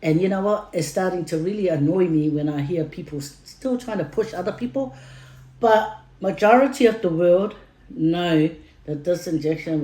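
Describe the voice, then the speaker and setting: A woman's voice: lowish voice, darkish tone. A middle-aged woman with a Samoan accent telling a family story to her vlog viewers in a rambling, casual way, full of fillers and repeated words. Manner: rambling, many fillers, heated when retelling. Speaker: family vlogger. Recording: roomy echo with faint music.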